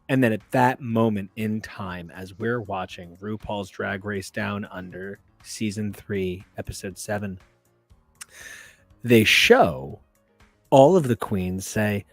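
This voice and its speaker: A man's voice: fairly low pitch, unhurried, dry recording, faint music behind. Rambling chatty male podcast host. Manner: rambling, animated storyteller. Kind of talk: casual chat.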